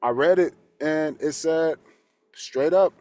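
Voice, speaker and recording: A man's voice: a little high, slow pace, a little mellow, dry recording. Rambling, candid male tarot coach. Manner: rambling and candid, swears freely, restarts often. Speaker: holistic coach and tarot reader. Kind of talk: casual spoken reflection.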